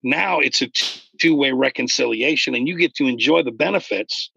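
A man in casual conversation about faith, explaining earnestly and getting animated when he retells stories. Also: mid-range voice, normal speed, gravelly, lo-fi sound, slight background noise.

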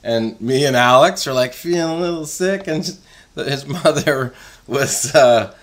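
A man's voice: medium pitch, a little slow, fairly bright tone. Laughing, rambling man. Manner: rambling storyteller, laughs often. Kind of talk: casual chat.

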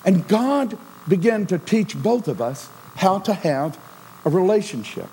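A middle-aged man preaching a sermon as a pastor, swinging from loud emphasis to a near-whisper. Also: high-pitched, lively intonation, measured pace, husky, rough recording.

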